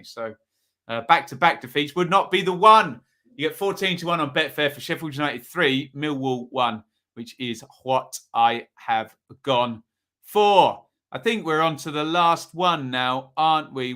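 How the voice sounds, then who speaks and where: A young man hosts a live football predictions stream. His voice is bright and a little high, and he talks in a chatty, joking way while running through viewers' score picks. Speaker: host.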